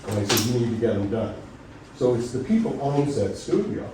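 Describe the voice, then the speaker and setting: A middle-aged man speaking insistently and argumentatively at a public meeting, his voice going hoarse. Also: medium pitch, very animated, a little fast, background noise. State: losing his voice. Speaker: resident speaking at public comment. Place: town meeting room. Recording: echoey room from far off.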